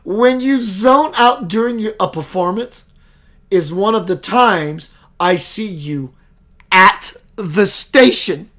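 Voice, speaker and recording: A man voicing a calm, wise male alien guide, who speaks in slow, measured instructions. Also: high voice, full character voice. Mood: calm, guiding.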